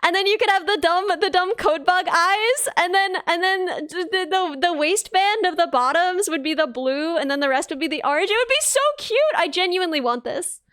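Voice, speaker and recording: A young woman streamer chats and rambles in a very high, bright voice, laughing at herself. She sits close to the mic, and the sound is dry. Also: normal speed, few pauses, dry recording. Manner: giggly, rambling, self-mocking. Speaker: VTuber streamer. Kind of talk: casual live-stream chat.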